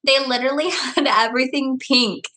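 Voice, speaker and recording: A woman co-hosting a podcast, chatting casually and reacting quickly to her co-host. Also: sits high, steady tone, sharp tone, a little hiss or hum. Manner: chatty, quick reactions, laughs while talking. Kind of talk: casual chat.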